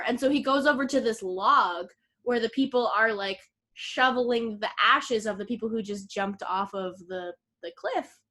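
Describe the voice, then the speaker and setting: A woman co-hosting a podcast, recapping a film in a rambling, excitable way, full of "like" and swearing. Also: on the high side. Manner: rambling, filler-heavy, lots of "like"; profane, excitable retelling. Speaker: podcast co-host. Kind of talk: casual film recap chat.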